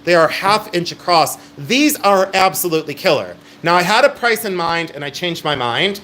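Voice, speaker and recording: A man's voice: sits high, lively intonation, normal speed, bright, forceful tone, a little hiss or hum. A middle-aged man hosts a live-stream jewelry auction. He talks in a chatty, emphatic sales patter. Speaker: live sale host.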